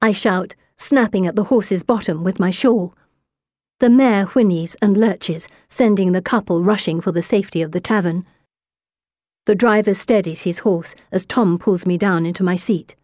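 A woman narrating a first-person novel aloud, expressive and dramatic, rising into tense urgency. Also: mid-range voice, normal speed, no room sound, clean studio sound. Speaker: audiobook narrator.

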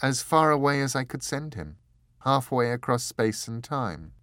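Man doing a higher pixie girl voice, earnest, lively ups and downs, audiobook. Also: measured pace, dry recording, studio quality. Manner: light, raised voice, sincere. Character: young woman, small and pixie-like, earnest. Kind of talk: audiobook character voice.

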